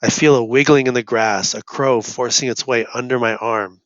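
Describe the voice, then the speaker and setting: A young man reading a novel chapter aloud in first person, his steady narration turning urgent in the tense passages. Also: medium pitch, normal speed, no echo. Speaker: reader. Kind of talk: audiobook reading. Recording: dull lo-fi dry recording.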